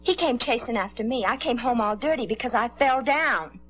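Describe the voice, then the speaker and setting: A woman's voice: fairly high pitch, moderate pace, fairly bright tone, faint music behind, natural voice. An actress playing a troubled teenage girl in a 1950s television drama, pleading and insisting on her innocence. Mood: defensive, pleading. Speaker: daughter accused of starting fires.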